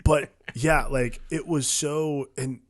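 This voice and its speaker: A man co-hosting a film podcast in casual chat, relaxed and building his points as he goes. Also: fairly high pitch, slow, no echo, studio quality. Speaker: podcast co-host.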